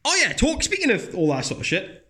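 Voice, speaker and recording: A man with a blunt, profane, animated manner, ranting in casual comedic chat, his voice jumping high when he mocks others. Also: brisk.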